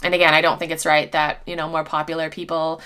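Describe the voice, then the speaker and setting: A woman's voice: sits low, flat delivery, fast talker, fairly bright tone, clear, resonant tone. A young woman vlogger talking casually and candidly, rambling with frequent fillers. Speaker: reseller vlogger. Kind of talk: casual vlog chat.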